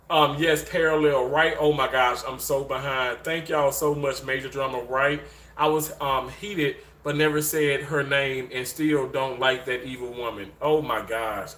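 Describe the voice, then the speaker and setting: A man in his thirties hosting a casual livestream and reading viewer comments, animated and emotional, dropping low and earnest then jumping high and excited, recorded on handheld mics in a room at home. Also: a little slow. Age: 30s. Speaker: livestream host. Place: indoor room with a bed. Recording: echoey room, faint background noise.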